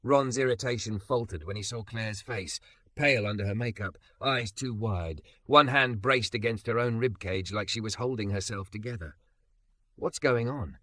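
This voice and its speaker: A man narrating a scripted romance story in a dramatic, measured way. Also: on the low side, a bit bright, no room sound.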